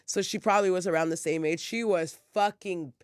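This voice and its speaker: A woman's voice: lowish voice, steady tone, brisk, clear, resonant tone, dry recording, studio quality. A woman co-hosting a podcast, telling a story casually and rambling, with lots of "like" and "whatever" and plenty of swearing. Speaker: podcast co-host. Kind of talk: casual chat.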